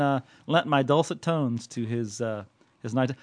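A man's voice: mid-range voice, a little slow. A man co-hosting a podcast in casual chat, rambling and jokey, laughing often. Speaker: podcast co-host.

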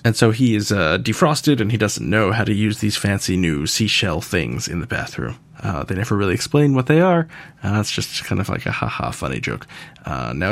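Dry-humored American man, gravelly voice. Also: on the low side, dry recording. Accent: General American. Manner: dry, joking asides. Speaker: podcast host answering listener questions. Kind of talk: casual listener Q&A.

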